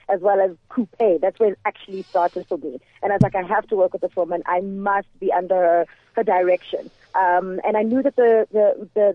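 A woman's voice: medium pitch, no room sound. A woman from South Africa, a guest actress, talking enthusiastically and articulately about her work in a phone interview. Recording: tinny phone line.

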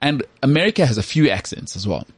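A man from South Africa with a South African accent, co-hosting a casual podcast chat in an animated, opinionated way. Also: mid-range voice, quick pace, slightly rough, no room sound. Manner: animated, opinionated, repeats words when starting. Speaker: podcast co-host.

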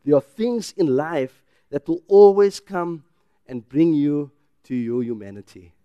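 Emphatic South African pastor preaching. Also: male voice, on the high side, lively intonation, a little slow, clean tone, no echo. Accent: South African English. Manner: emphatic preaching, rising loud on key phrases, dropping to quiet personal storytelling. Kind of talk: sermon. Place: church.

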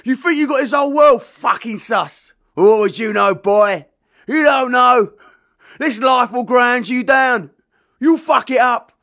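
A man performing a narrative poem, voicing a bitter older man who yells and bullies. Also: very high-pitched, unhurried, pitched above the performer's own voice, exaggerated voice. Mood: yelling.

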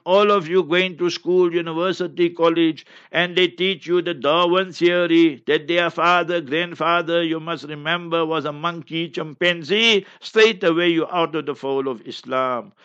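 A man's voice: on the high side, steady tone, moderate pace, few pauses, a bit bright, clear, resonant tone, dull audio. A male religious teacher giving a stern, emphatic sermon-style lesson, moving between English and chanted Arabic recitation. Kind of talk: instructive sermon.

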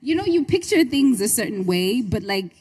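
A young woman chatting casually as a podcast guest, full of fillers and quick to laugh. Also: fairly high pitch, big pitch swings, a little mellow, husky. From Zimbabwe. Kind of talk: casual chat.

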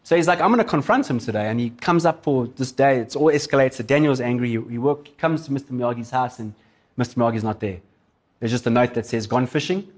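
A man preaching a sermon as a pastor, telling a story in a casual, animated way. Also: mid-range voice, fast talker.

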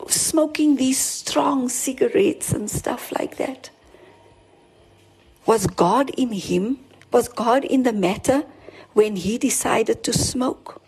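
Here a woman's high, somewhat mellow voice with a breathy edge carries a sermon about her own life, told with sincerity and plenty of repetition for emphasis. She restarts lines and lets her emphasis climb. The recording is rough.

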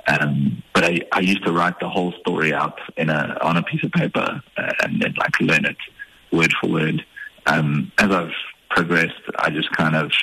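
Low gravelly man, relaxed. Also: normal speed, dry recording, rough recording. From Eastern Cape, South Africa. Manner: relaxed, hesitant, self-deprecating. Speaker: stand-up comedian guest. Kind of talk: radio interview. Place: radio studio.

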